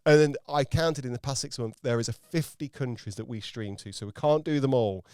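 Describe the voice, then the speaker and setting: A man's voice: mid-range voice, fairly quick, darkish tone, smooth. A man hosting a casual podcast, teasing his co-host and laughing often.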